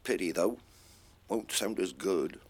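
A man's voice: low voice, lively intonation, slow, breathy edge, no room sound, exaggerated voice. A man playing a blunt, eager writer in an amateur drama group in a radio comedy. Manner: blunt, matter-of-fact.

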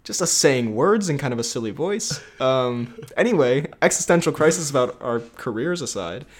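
A man's voice: mid-range voice, lively intonation, moderate pace. A young man co-hosting a podcast in casual chat, rambling and jokey, laughing often. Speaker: podcast co-host.

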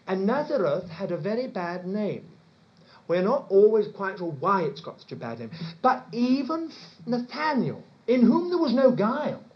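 Lively British man preaching a sermon. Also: sits high. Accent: British English. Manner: chatty teaching with asides and restarts. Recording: dull lo-fi sermon recording.

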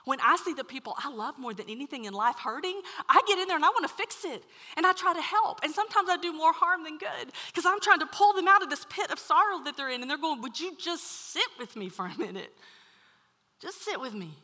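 A woman preaching a sermon to a room, telling a story with animated swings from loud to hushed. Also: high voice, fast, hardly any pauses. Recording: long hall reverb.

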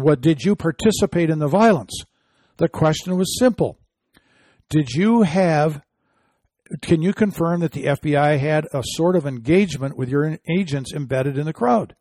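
A man's voice: on the high side, expressive, normal speed, dark tone, dry recording, studio quality. Indignant man hosting a commentary show. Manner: indignant, reading quotes then scoffing. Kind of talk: opinion commentary.

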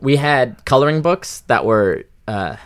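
Lively-voiced man chatting, dry mic. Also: medium pitch, measured pace, no echo. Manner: lively, agreeable, short interjections. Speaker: guest magician. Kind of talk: casual chat.

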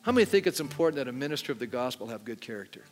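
A middle-aged pastor talks very fast in a mid-range voice full of big pitch swings, preaching a sermon with an altar call in a church sanctuary. He addresses the congregation conversationally with frequent questions, and the audio has long hall reverb and faint music.

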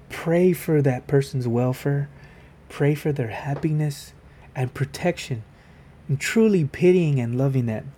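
A man's voice: mid-range voice, warm tone, slight background noise. A man giving a casual Bible devotional video, reading scripture aloud and then explaining it in a conversational way.

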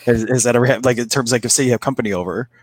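A man's voice: mid-range voice, racing, dry recording. A man in casual conversation, telling chatty stories and laughing as he goes. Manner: chatty storyteller, laughs while telling anecdotes. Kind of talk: casual chat.

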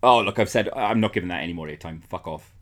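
Guy trashing movies, swears a lot, lowish voice, blunt. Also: fast, slight background noise. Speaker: podcast co-host. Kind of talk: casual chat.

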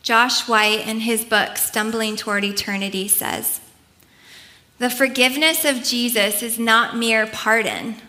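A woman's voice: fairly high pitch, fairly even intonation, a little slow, sharp tone. A woman preaching a sermon in an earnest, conversational way, often adding casual asides.

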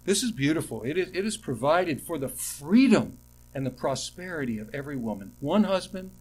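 Animated male preacher, fairly high voice. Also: normal speed. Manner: animated preaching that swings from loud emphasis to quiet asides; tells personal stories with repeated restarts. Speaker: pastor. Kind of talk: sermon.

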